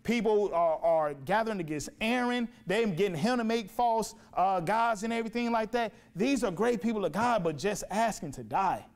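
Male preacher, sermon, high voice, emphatic, repeats himself, rhetorical questions. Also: expressive, normal speed, hardly any pauses. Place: church sanctuary.

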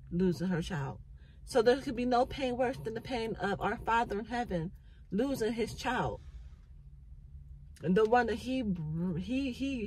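A woman's voice: mid-range voice, a little mellow, a little hiss or hum, rough recording. A middle-aged woman, a mother, sharing an earnest faith-based reflection, repeating phrases for emphasis and holding back tears. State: near tears. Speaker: vlogger.

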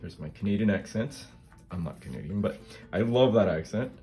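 A man's voice: lowish voice, expressive, fairly quick, dark tone, soft background music. A middle-aged man hosting a casual craft demonstration, thinking aloud as he works and often tagging his remarks with a questioning "right?". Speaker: collage artist and channel host.

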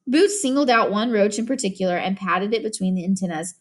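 Lively woman reading an audiobook. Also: mid-range voice, a little fast, few pauses. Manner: expressive storytelling, voices each character. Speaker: audiobook narrator. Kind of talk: scripted audiobook narration.

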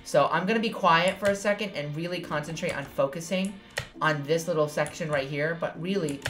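A woman's voice: sits low, brisk, faint music behind. A young woman from New York giving playful, swear-filled commentary while playing a video game. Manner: playful, swears, squeals when jumping. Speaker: gaming streamer. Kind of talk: casual let's-play commentary.

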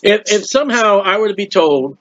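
A man preaching a sermon in an earnest, rambling way, with restarts and quiet asides, recorded at home. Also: high voice, animated, brisk, no room sound, dull audio. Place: at home, birds heard nearby.

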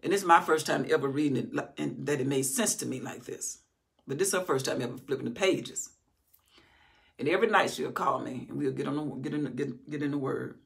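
A woman's voice: a bass voice, a little fast, creaky. A middle-aged woman teaching a Bible study, reading scripture aloud and then expounding on it with rising, emphatic force.

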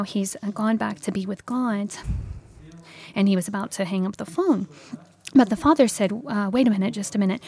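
A woman preaching a sermon in a church, telling a story with many pauses and self-corrections. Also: medium pitch, darkish tone.

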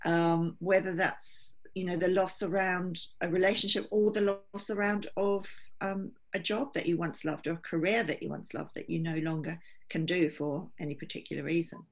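A woman's voice: lowish voice, steady tone, normal speed. A middle-aged woman, a holistic therapist, explaining earnestly and steadily in an interview, often voicing what her clients think.

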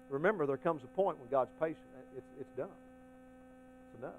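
Brief: high-pitched male pastor, folksy delivery, alternates quiet asides with loud emphatic preaching. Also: brisk, long pauses, no echo, poor audio. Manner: folksy, addresses the congregation as y'all. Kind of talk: sermon.

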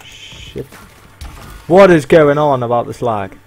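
A man's voice: medium pitch, unhurried, soft background music. A young man ranting and swearing through live commentary as he plays an online shooter. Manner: frustrated, ranting and swearing at lag. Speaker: gaming channel host.

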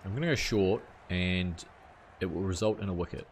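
Easygoing low-voiced man streaming. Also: normal speed, a little hiss or hum. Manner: chatty, easygoing, asks viewers questions. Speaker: gaming streamer. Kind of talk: casual live-stream chat reading viewer messages.

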